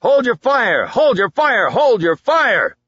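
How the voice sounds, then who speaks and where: A man's voice: mid-range voice, moderate pace, a bit bright, muffled recording, lightly acted. A man doing a bellowing army sergeant. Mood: yelling. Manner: barking, profane orders. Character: gruff shouting male army sergeant.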